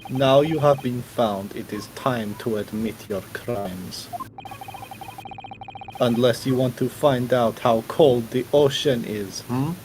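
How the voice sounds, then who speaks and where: A man's voice: mid-range voice, takes it slowly, background noise, pitched below the performer's own voice, natural voice. A man voicing a stern, threatening male captor with an exaggerated put-on Russian accent and broken grammar. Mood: menacing.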